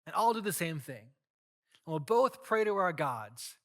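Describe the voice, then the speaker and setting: A pastor acting out a defiant prophet. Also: male voice, sits high, very animated, unhurried, fairly bright tone, full character voice. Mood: challenging. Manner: challenging, commanding. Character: bold, defiant male prophet.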